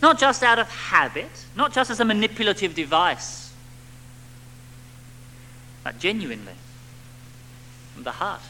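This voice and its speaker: A man preaching a sermon to a congregation, animated, with rhetorical tag questions and little acted-out quotes. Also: high voice, a little slow, long pauses, a little hiss or hum, rough recording.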